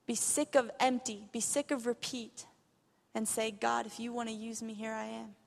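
Her voice a little high and creaky, a young missionary speaker gives an earnest testimony sermon in a large church hall, growing impassioned as she retells a story. She speaks at normal speed with a flat delivery.

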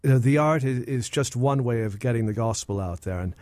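A man's voice: medium pitch, a little fast, a little mellow, no room sound, clean studio sound. A man from Brazil, a guest artist and musician, talking in a modest, joking way with restarts. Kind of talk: interview chat.

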